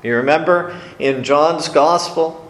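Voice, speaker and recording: Slow-talking man preaching in an echoey room. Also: fairly high pitch, a bit bright, slight background noise. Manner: conversational, folksy Bible teaching. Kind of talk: sermon.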